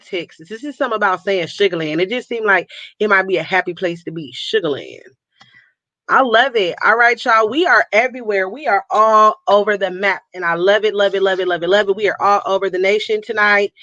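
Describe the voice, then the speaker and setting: A woman's voice: mid-range voice, brisk, bright, forceful tone, dry recording, lo-fi sound. A woman from Northern California hosting a casual livestream, cheerfully reading out where her viewers are watching from and hyping them up with nicknames. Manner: upbeat, hypes viewers with call-outs and nicknames. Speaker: livestream host.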